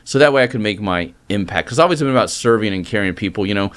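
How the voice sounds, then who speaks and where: A middle-aged man, a mortgage loan originator, telling his story in a casual interview with energy and animated retellings. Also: lowish voice, rapid-fire.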